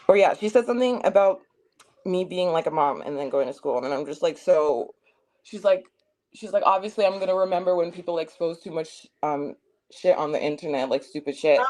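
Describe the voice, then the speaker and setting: A woman's voice: fairly low pitch, moderate pace, darkish tone. A young adult woman hosting a stream, retelling a chat argument in a casual, heated way with lots of swearing and emphasis. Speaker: streamer host.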